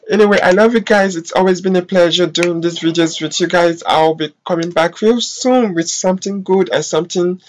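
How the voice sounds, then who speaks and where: A vlogger from talks straight to the camera. The delivery is impassioned and exasperated, thick with profanity and emphatic repeats. It is broken by drawn-out filler sounds and pauses. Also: mid-range voice, a little mellow, rough recording. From West Africa. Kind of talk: emotional vlog rant to camera.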